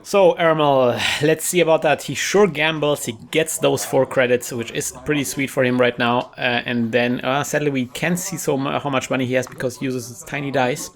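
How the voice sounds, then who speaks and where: A man casually commentating his own tournament card game, chatty and quick to laugh, often restarting words. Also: medium pitch, fairly even intonation.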